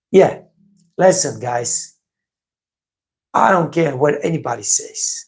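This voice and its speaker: A man's voice: mid-range voice, animated, slow, vocal fry, long pauses. A man from Bulgaria with a Bulgarian accent, giving blunt casual advice on a live stream, repeating himself often with many fillers. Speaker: host of a live stream for waiters.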